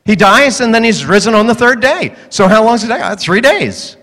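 A pastor delivering a humorous sermon to a congregation, animated and joking, acting out the voices in his stories. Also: high-pitched, moderate pace, big-room sound.

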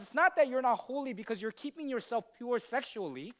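Male pastor preaching, high voice that swings all over, keeps asking the room if they follow. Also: animated, a little fast. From United States. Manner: questioning, teacherly, checks in with the congregation. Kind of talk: sermon.

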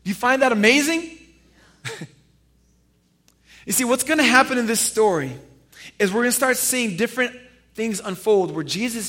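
A man preaching a sermon as pastor, animated and firing rhetorical questions at his congregation. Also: very high-pitched, normal speed, pauses often, breathy edge. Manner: addresses listeners familiarly.

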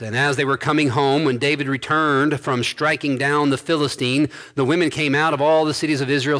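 A man with a fairly high voice is preaching an expository sermon. He builds steadily to emphatic points and drops in quick, informal asides to the congregation. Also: bright, forceful tone. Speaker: pastor.

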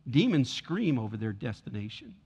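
A man's voice: mid-range voice, sing-song, normal speed, darkish tone, husky, muffled recording. A man pastor preaching a sermon in a church, repeating lines and building in force. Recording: long hall reverb.

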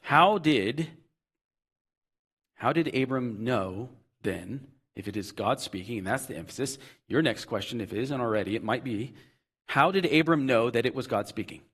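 A pastor preaching a sermon, earnestly and with repetition, rising to loud emphasis and dropping to soft, low asides. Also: male voice, animated, moderate pace, breathy edge.

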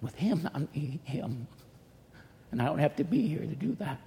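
A man preaches a sermon with a mellow, warm voice that rings out in a big church hall with a long echo. He repeats himself for emphasis and moves between urgent pleading and hushed, almost whispered lines. A faint hiss sits under the recording. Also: a little high, sing-song, moderate pace, creaky. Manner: emphatic and repetitive, swinging from loud pleas to hushed near-whispers. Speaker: pastor. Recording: reverberant hall with faint noise.

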